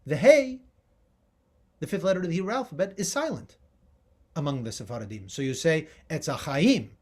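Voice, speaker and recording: A man's voice: a little high, very animated, brisk. A middle-aged man giving a public history lecture with slides, emphatic and rising on key words.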